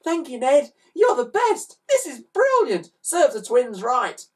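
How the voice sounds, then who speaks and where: Excited young children cheer their thanks, as a man puts them on. The voice pitches far up from a man's natural register and carries a little distance from the mic. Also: slow pace, heavily acted.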